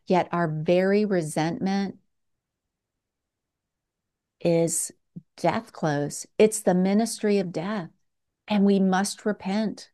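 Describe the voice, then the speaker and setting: A woman preaching a sermon in a slow, earnest way, with dramatic pauses. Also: lowish voice, mellow.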